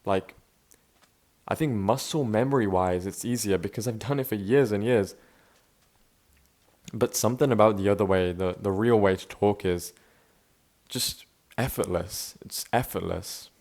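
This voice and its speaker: A man's voice: lowish voice, measured pace, pauses often, a little mellow. A young man talking casually and reflectively to camera in an unscripted vlog, loose and chatty with frequent restarts. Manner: laid-back, self-reflective, says bro and man a lot, frequent restarts. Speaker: vlogger.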